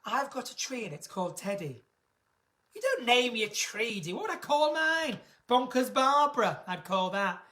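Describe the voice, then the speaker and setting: A British woman hosts a live stream from home, camp and theatrical, reading out comments. Her voice is bright and sits a little high. She jumps between loud exclamations and muttered asides. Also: sing-song, moderate pace. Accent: British English. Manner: camp, theatrical, reads viewer comments aloud; big swings in pitch and loudness, sudden exclamations. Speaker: singer hosting a live stream. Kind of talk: chatty live-stream banter.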